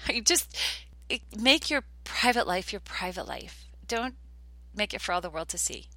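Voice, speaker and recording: An older American woman hosts a podcast, chatting earnestly and telling stories in casual talk. Her mid-range voice is expressive, bright and pushed, at a moderate pace, and the recording is dry.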